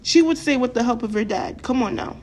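Fairly high-pitched but with a darkish tone, this young woman speaks briskly as she vents to her audience. The vlogger's casual opinion rant is fired-up, profane and blunt, aimed directly at viewers, with words frequently repeated for emphasis.

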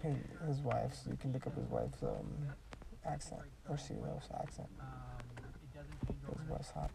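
A man's voice: mid-range voice, wildly swooping pitch, measured pace, vocal fry. A young man in casual chat with a friend, slangy and swearing a lot. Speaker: friend chatting. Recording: distant mic in a chatty crowd.

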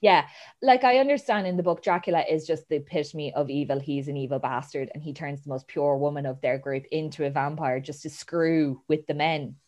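A woman with a low voice talks casually as a host, walking through a film's plot. She acts out the characters' lines with plenty of energy and laughs often along the way. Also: a little fast, a little mellow. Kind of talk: casual chat retelling a film plot.

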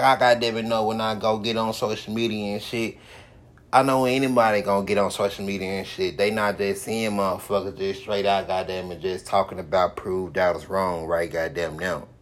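A man hosting his own podcast, giving a profane, repetitive motivational monologue with heavy swearing. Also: on the low side. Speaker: podcast host.

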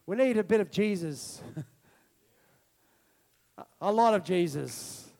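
A man preaching a passionate sermon, swinging between loud proclamation and soft musing and calling out to the congregation for responses. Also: high-pitched, animated, very slow, vocal fry.

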